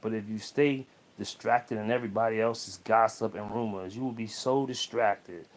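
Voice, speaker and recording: A man talking straight to the viewer in a casual motivational monologue, preachy and repetitive, often checking in with a quick "okay?". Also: fairly low pitch, fairly even intonation. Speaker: motivational vlogger.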